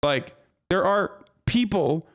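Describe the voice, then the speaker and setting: A man's voice: high-pitched, animated, slow pace. A man livestreaming casual commentary, ranting in an exasperated, profane way and rambling with frequent restarts. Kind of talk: casual live-stream commentary.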